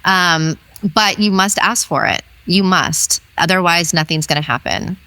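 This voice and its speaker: A woman being interviewed as an intimacy educator, telling a story in an animated way and acting out the quoted dialogue. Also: fairly low pitch, measured pace, smooth, dry recording.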